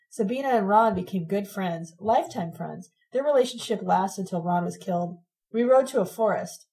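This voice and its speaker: Woman narrating an audiobook, mellow, measured and expressive. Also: mid-range voice, rough recording. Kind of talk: reading a novel aloud.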